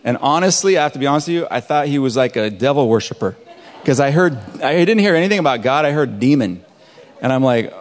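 A male pastor reading scripture and telling a story from his week in a relaxed, conversational sermon. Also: mid-range voice, fast talker. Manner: relaxed conversational preaching, chuckles at his own stories. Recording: long hall reverb.

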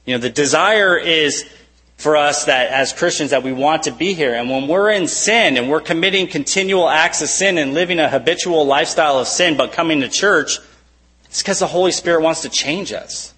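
A man's voice: fairly high pitch, normal speed, bright, forceful tone, poor audio. A man preaching a conversational sermon to his church, reading scripture and often asking rhetorical questions. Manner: conversational, fillers like "you know", rhetorical questions. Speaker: pastor.

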